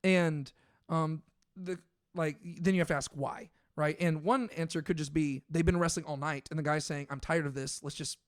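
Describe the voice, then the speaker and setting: A man's voice: a little high, steady tone, moderate pace, no room sound, studio quality. A man co-hosting a casual Bible discussion, thinking aloud with plenty of fillers and restarts. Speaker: podcast co-host.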